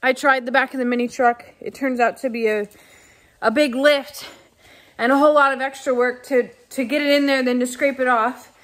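Talking to her vlog audience about life on the farm, this young woman is emotional and effusive, laughing and sighing frequently in casual chat to camera. She has a high-pitched, fairly bright voice with a steady tone and moderate pace.

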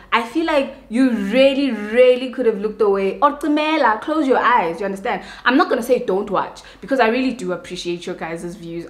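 A young woman with a South African Xhosa accent talks straight to camera while she does her makeup, in an animated, ranting way. She slips between English and Xhosa and keeps checking that her listeners understand. Her mid-pitched voice rings in a bright, echoey room at home. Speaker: beauty vlogger.

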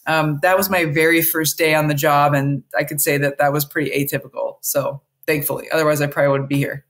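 A woman speaking as a podcast guest, telling a candid story in an animated way. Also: low-pitched, fairly quick. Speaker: podcast guest, baseball coach. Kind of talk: interview storytelling.

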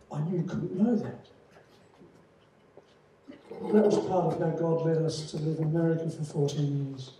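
A middle-aged man with an Australian accent, a theology lecturer giving an earnest, measured talk to prospective students. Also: fairly high pitch, dark tone. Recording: echoey hall, distant mic, faint noise.

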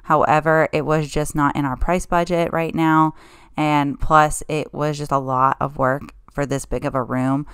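Smooth low-voiced woman vlogger. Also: flat delivery, normal speed, fairly bright tone, dry recording, clean studio sound. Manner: chatty, friendly, with casual fillers like "like". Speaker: home cleaning and makeover vlogger. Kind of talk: casual voice-over narration.

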